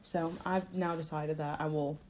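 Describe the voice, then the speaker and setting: A young woman with a low, mellow voice chatting casually as a co-host. She is talkative and jumps in to finish her partner's sentences. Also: steady tone, moderate pace, a little hiss or hum. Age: young adult. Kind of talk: casual chat.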